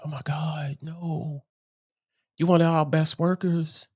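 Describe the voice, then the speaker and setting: A man's voice: on the high side, flat delivery, slow pace, a little mellow, slightly rough, voice pushed up. A man voicing a dismayed female boss pleading with a worker not to leave, in a raised pleading tone.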